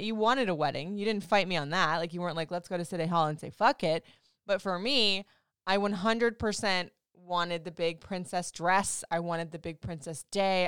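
A woman in her forties co-hosting a casual couple chat, animated and teasing, swearing freely. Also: on the low side, smooth, no echo, studio quality. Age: 40s. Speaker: podcast co-host.

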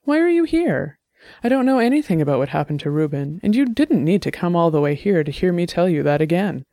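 Brief: narrator doing a jittery office man, anxious and faltering, with a gravelly, mellow voice, dry read. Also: mid-range voice, very animated, fairly quick, no echo. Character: nervous middle-aged man, earnest talker. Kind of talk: audiobook character reading.

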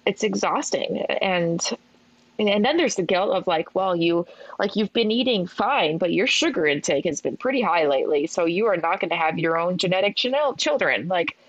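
A woman guest on a podcast, talking casually in a halting, weary way with many restarts. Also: fairly low pitch, lively intonation, no room sound, highs cut off. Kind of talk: casual conversation.

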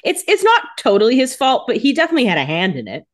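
A woman co-host adds short, wry comments to a TV recap in casual chat. Her pitch moves around a lot, which gives her an animated sound. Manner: quick wry reactions, frequent laughter. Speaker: podcast co-host. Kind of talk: casual chat, reacting and joking.

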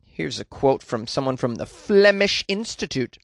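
A man's voice: mid-range voice, sing-song, moderate pace, vocal fry, dry recording, clean studio sound. A man giving casual, sarcastic commentary on news stories, reading out quotes and riffing on them. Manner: sarcastic, riffing asides between read-out quotes.

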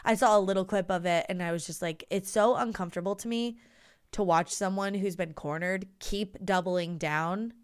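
Chatty woman with a very clear voice. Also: medium pitch, normal speed. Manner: chatty and animated, heavy use of "like". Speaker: podcast co-host. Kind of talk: casual chat.

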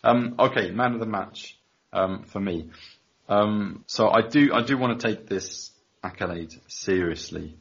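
English man, very low husky voice, excitable football podcast chat, dull lo-fi sound. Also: unhurried. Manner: excitable, swears, laughs often. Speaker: podcast co-host. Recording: dull lo-fi audio.

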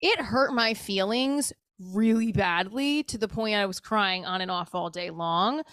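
A woman's voice: medium pitch, expressive, measured pace, fairly bright tone, dry recording, clean studio sound. A woman talking candidly and emotionally in a rambling personal monologue, swearing casually as she goes. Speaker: show creator talking to camera.

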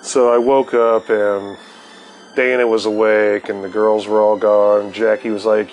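A man's voice: fairly low pitch, flat delivery, a little slow, darkish tone, soft background music, poor audio. A man hosting his own podcast, telling a personal story in a profane, laid-back way and laughing often. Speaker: podcast host. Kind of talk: casual storytelling.

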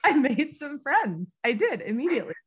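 A woman's voice: high-pitched, big pitch swings, moderate pace, slight background noise. An American woman in her thirties, a podcast guest recounting a story with lots of ums and laughter. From United States. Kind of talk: casual storytelling interview.

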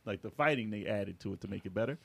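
A man's voice: fairly low pitch, quick pace, creaky. Laid-back man telling game stories. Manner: laid-back storytelling, quotes his own past reactions. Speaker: podcast guest or co-host. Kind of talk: casual podcast chat about video games.

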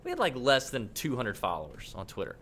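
A man co-hosting a podcast, telling a long story in a casual, rambling, animated way. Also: medium pitch, fairly quick, a little hiss or hum. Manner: animated, rambling, acts out quotes. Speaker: podcast co-host.

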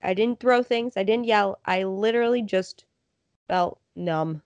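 Animated woman telling a story, dry sound. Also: medium pitch, unhurried, dry recording, dull audio. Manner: animated storyteller, acts out quotes. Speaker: podcast co-host. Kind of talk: casual chat.

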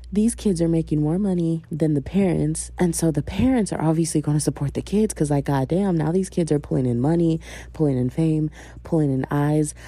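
A young woman chats in a loose, emphatic monologue, full of filler and the odd swear. Her voice sits low and mellow. The sound is close and dry. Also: slightly rough, dry recording. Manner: chatty and emphatic, lots of "like" and mild swearing. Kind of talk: casual monologue. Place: home room.

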